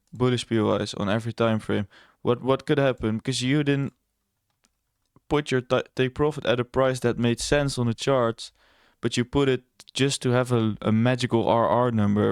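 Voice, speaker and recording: Young guy talking thru his trades, flat low voice, dry close sound, kinda rambly and blunt. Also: smooth, dry recording. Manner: rambling, self-correcting, blunt and sarcastic. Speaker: trading educator. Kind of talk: casual screen-share trading walkthrough.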